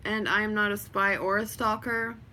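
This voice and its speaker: A woman's voice: mid-range voice, steady tone, moderate pace, pushed and bright, slight background noise. Rambling woman on a home livestream. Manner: rambling, many fillers. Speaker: vlogger. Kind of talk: casual livestream chat.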